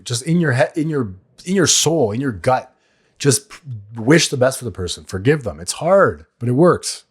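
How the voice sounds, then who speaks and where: A man's voice: medium pitch, lively intonation, moderate pace, husky. A man hosting a recovery podcast. He talks candidly and plainly, swears now and then, and coaches his listeners, repeating the key lines. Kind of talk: solo talk on addiction recovery.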